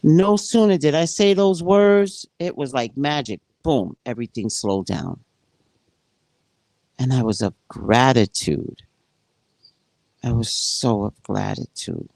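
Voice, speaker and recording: A woman who works as a psychic, reading from a spiritual book and commenting on it, acting out dialogue like an animated storyteller. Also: a bass voice, slow, creaky, pauses often, dry recording.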